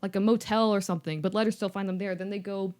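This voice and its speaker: Chatty woman animatedly retelling a story. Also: mid-range voice. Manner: animated, chatty, many fillers, quick voices for characters. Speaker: podcast co-host. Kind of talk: casual chat, retelling a story.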